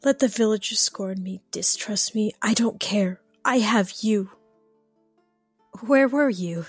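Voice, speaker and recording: A woman's voice: mid-range voice, slow, slightly rough, no echo, faint music behind. A woman voicing Kelsa, a desperate village mother. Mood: tender. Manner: urgent, fervent pleading. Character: desperate young village mother protecting her son. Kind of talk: audiobook fantasy reading.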